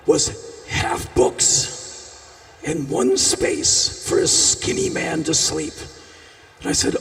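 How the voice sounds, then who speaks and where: A man performing a live storytelling monologue on a festival stage, animated, with bursts of shouting. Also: very high-pitched, takes it slowly, gravelly, long pauses. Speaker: spoken-word performer. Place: large outdoor festival stage. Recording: echoey stage sound from a distance.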